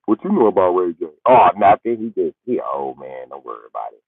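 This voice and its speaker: A man doing a profane comedic rant on a livestream. He swings from high yelling to low muttering. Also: very animated, fast, breathy edge, no room sound. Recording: tinny phone-like audio.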